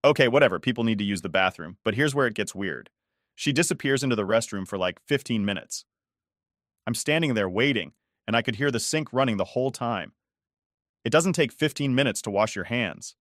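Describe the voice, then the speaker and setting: A man's voice: medium pitch, animated, a little fast, a bit bright, no echo, studio quality. A man in his thirties narrating a personal story in a casual, conversational way. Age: 30s.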